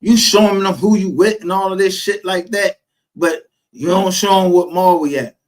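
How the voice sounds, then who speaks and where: A Texas-accented man tells stories in casual chat, acting out what other people said and filling it with street slang and profanity. His voice is high, his pace normal, and the recording is low quality.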